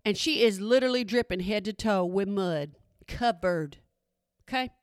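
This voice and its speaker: In a casual monologue aimed at her listeners, a middle-aged woman and mother chats with sass and emphasis. Her mid-range voice is a bit bright, clear, and resonant, recorded dry with clean studio sound.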